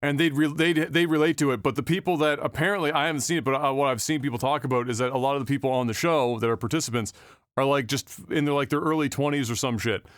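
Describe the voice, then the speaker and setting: A man's voice: mid-range voice, steady tone, quick pace, no echo, studio quality. A man co-hosting a podcast, chatting in a loose, rambling way and laughing easily. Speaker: podcast co-host. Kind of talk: casual podcast chat.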